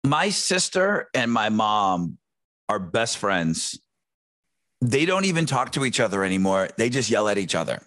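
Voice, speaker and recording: A man's voice: on the low side, a little slow. A man chatting casually as a podcast co-host, telling stories animatedly and swearing freely. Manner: animated storyteller, mimics yelling relatives.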